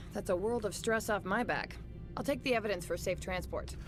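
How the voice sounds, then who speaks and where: Woman voicing a dry, no-nonsense game cop, guarded, music clearly playing under her. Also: medium pitch, normal speed, lightly acted. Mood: brisk. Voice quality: dry, businesslike. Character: guarded female internal affairs officer. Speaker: police officer. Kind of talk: video game voice acting.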